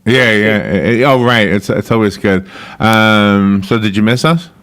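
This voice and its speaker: A man's voice: lowish voice, unhurried, a bit bright. A man hosting a radio show, reading the weather and chatting, who laughs often. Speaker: radio host. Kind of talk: casual chat and weather report.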